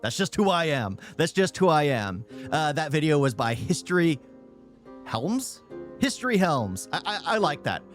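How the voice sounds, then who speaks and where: A young man streaming a reaction video, talking fast and loud, stuttering and repeating himself. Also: a little high, big pitch swings, soft background music. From United States. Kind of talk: casual reaction commentary.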